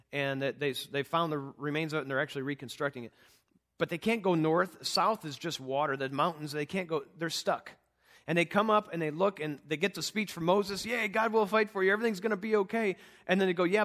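A middle-aged man with a slightly higher voice preaches a sermon in a loose, conversational way. He breaks into little acted-out voices for the people in the story and keeps it animated. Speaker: pastor.

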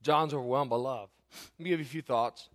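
A pastor in his forties preaching a sermon, telling stories and building in volume and pitch on key points, often restarting phrases. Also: fast. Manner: storytelling, swells louder and higher on key points.

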